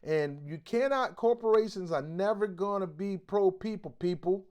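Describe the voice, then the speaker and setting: Forceful, preachy male host. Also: high voice, normal speed. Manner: forceful, exhorting, blunt street slang. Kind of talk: preachy commentary.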